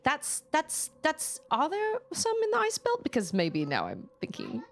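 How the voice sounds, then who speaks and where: This young woman streaming a video game has a high-pitched voice and an unhurried delivery with few pauses. She chats away casually, laughing and slipping into silly voices.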